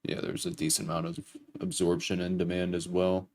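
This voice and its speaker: Low-voiced casual trading streamer, a man. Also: sing-song, a little fast, gravelly, darkish tone. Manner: casual and profane, explains trades to chat. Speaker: livestream trading host. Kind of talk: casual livestream chat.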